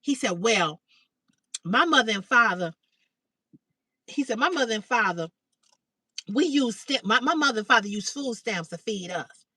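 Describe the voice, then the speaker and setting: A middle-aged woman is telling a story to her livestream viewers, with a bright, high voice. She swears freely and jumps up higher whenever she acts out the quoted lines. The sound is dry and picked up from slightly away from the mic. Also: expressive, normal speed, long pauses, slightly rough, no echo, recorded from a distance, low-quality recording. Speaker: livestream host. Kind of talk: casual storytelling to live chat.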